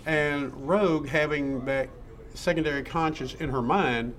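A man's voice: a little high, a little slow, fairly bright tone. A man, co-hosting a casual chat, rambling and laughing often. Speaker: podcast co-host. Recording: faint background noise.

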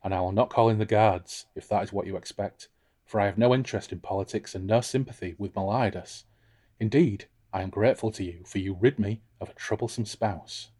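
A seductive, scheming noblewoman, read aloud by a man. The voice sits low and soft, with no attempt at a falsetto. It is an unhurried audiobook-style reading inside a book chat. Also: breathy edge.

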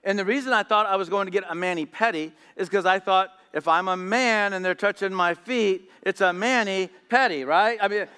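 A man's voice: sits high, normal speed, hardly any pauses, sharp tone, clear, resonant tone. A man preaching a sermon in storytelling style, often repeating words as he goes. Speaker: pastor. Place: church hall. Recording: echoey church hall.

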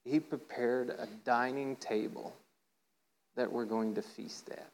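A man's voice: fairly even intonation, takes it slowly, rough recording. A man giving an informal sermon, telling a playful story and often checking in with the listeners. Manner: playful storytelling, acts out voices with rising pitch; conversational, asks "right?" often. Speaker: preacher.

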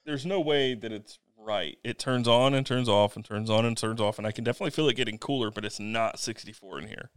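A man's voice: on the low side, fast talker, hardly any pauses, clear, resonant tone, no room sound. A man co-hosting a casual podcast, talking in a dry, matter-of-fact way. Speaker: podcast co-host.

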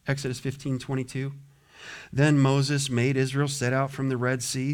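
A man preaching a sermon in a church, lively and often acting out the voices of a grumbling crowd. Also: medium pitch, brisk. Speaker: pastor. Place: church sanctuary.

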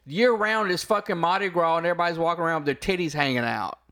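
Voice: medium pitch, quick pace, over a noisy crowd. Casual podcast co-host, blunt, cusses a lot, rambling. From Louisiana. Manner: blunt, swears freely, rambling storyteller. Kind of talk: casual chat.

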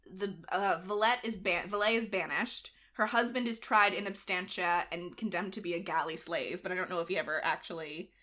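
A young adult woman co-hosting a podcast, retelling history in a casual, animated way and acting out the quotes. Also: on the low side, fairly quick, few pauses. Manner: animated retelling with acted-out quotes and frequent laughs. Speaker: podcast co-host. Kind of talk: casual storytelling chat.

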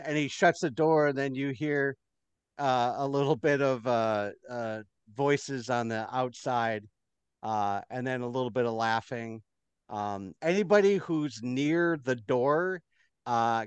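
A man narrating as game master, halting and full of fillers. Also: medium pitch, clean tone, no room sound.

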